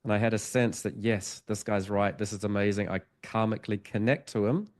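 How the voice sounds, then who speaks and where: A man with a fairly low voice speaks as a podcast guest, recounting a personal experience in an earnest, reflective way. He laughs easily, and emotion sometimes catches in his voice. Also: steady tone, a little fast. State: emotional, choked up. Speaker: hypnotherapist guest. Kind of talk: conversational storytelling.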